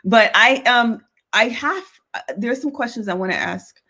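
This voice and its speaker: A woman's voice: a little high, normal speed, bright, forceful tone. A woman hosting an interview show, talking in a thoughtful, casual way with frequent fillers. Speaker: host.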